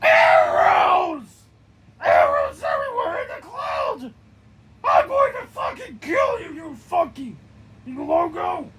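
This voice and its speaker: A man's voice: very high voice, wildly swooping pitch, slow, shouting, crowd noise, voice pushed up, exaggerated voice. A man voicing an enraged male monster who screams and curses while arrows rain down on him. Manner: screaming, cursing. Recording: noisy background.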